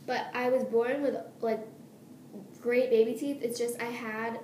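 Scatterbrained, giggly teenage girl vlogging from a room at home, somewhat high voice, roomy echo. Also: fairly even intonation, a little slow, warm tone. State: nervous. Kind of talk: casual rambling vlog. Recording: echoey room, faint hiss.

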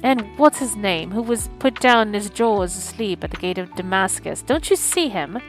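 A woman's voice: mid-range voice, lively intonation, normal speed, soft background music, close to an everyday voice, poor audio. Scrooge, a woman doing an old man swept up in memory. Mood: excited. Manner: eager, exclaiming, half laughing half crying.

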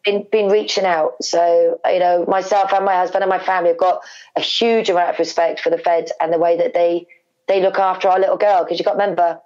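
In lo-fi sound, a middle-aged woman from England with a lowish voice briskly tells an emotional family story during an interview. She gets animated, repeating words and acting out the family dialogue.

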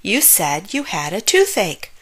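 A woman voicing a patient monkey mother in a storybook reading, warm and coaxing. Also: mid-range voice, big pitch swings, measured pace, husky, full character voice.

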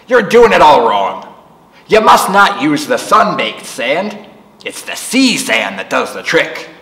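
A man voicing a grumpy old male seaside hermit in a storybook reading, gruff and scolding. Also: fairly high pitch, sing-song, slow, fairly bright tone, reverberant, big-room sound, full character voice.

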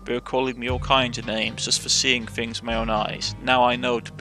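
A man reading a gruff old farmer. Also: mid-range voice, little pitch movement, a little fast, pushed and bright, soft background music, natural voice. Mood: aggrieved. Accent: Cornish. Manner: gruff, scolding. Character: gruff old male farmer, grumpy and stubborn.

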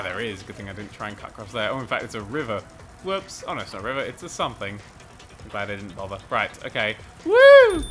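A man commentating a video game race, excitable and sweary, rambling and mocking himself, a little out of breath. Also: mid-range voice. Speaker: gaming commentator. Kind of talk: let's play commentary.

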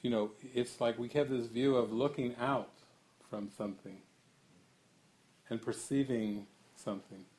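A man leading a spiritual gathering with a mid-range voice that is neither high nor low. He muses and poses questions, breaks into laughter often, and draws out his key phrases slowly. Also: fairly even intonation, a little mellow. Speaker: spiritual teacher. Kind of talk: talk to a gathering.

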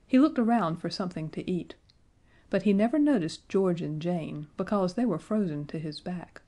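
A woman narrating a children's fantasy audiobook in a measured, gently expressive way. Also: on the low side. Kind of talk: scripted storybook narration.

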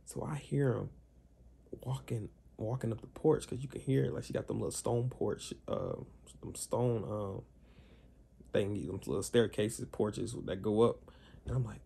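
A man's voice: fairly low pitch, normal speed, gravelly, slight background noise. A young man casually telling a story to camera in heavy slang, acting out the other people's lines. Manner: animated slangy storytelling, acts out quotes. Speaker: vlogger.

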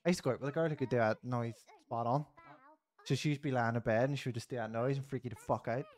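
A man's voice: medium pitch, fairly even intonation, fast, a little mellow. A man chatting casually while playing a game, swearing freely and laughing often. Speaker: gamer. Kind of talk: casual gaming chat.

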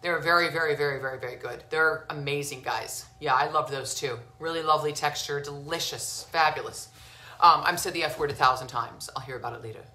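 A woman with a bright, forceful voice hosts a casual cooking demo in her home kitchen. She gushes over everything and keeps calling her viewers sweetheart and lovies. Her voice rings a little in the echoey kitchen. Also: sits low, fairly quick. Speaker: cooking show host.

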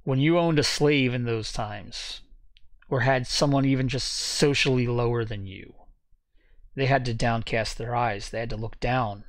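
A man's voice: medium pitch, steady tone, measured pace, dry recording. A man teaching a Bible study in a conversational, explanatory way, often correcting himself as he goes.

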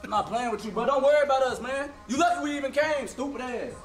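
An actor playing a brash, hot-tempered young male fast-food worker in a comedy sketch, shouting and cursing at customers. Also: extremely high pitch. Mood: hostile. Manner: loud, brash, cursing, dismissive. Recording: roomy sound with crowd noise.

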